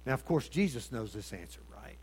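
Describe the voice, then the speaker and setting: Male pastor mid-sermon, dramatic shifts from booming emphasis to near-whisper. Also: big pitch swings, a little fast, slight background noise. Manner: dramatic swings between loud emphasis and hushed tones; addresses congregation with rhetorical questions. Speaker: preacher.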